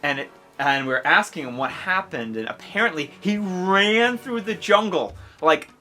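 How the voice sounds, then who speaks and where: Animated man telling a story. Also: high-pitched, a little slow. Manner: animated storyteller, acts out quotes with laughter. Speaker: co-host telling a travel story. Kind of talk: casual chat.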